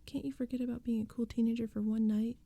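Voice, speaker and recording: A woman's voice: a little high, flat delivery, fast, gravelly, mellow, no echo. A woman voicing a pesky seven-year-old girl in a whispered role-play, whiny and pleading. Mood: coaxing.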